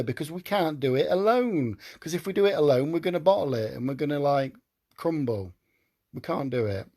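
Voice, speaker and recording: A man's voice: a little high, darkish tone. A man hosting his own live stream, talking earnestly and emotionally, often repeating himself as he pleads with viewers.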